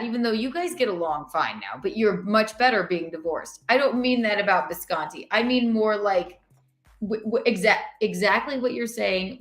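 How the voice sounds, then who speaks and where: A woman hosting a podcast, chatting casually in an animated, rambling way with lots of restarts. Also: mid-range voice. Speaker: podcast host. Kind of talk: casual chat. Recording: roomy echo.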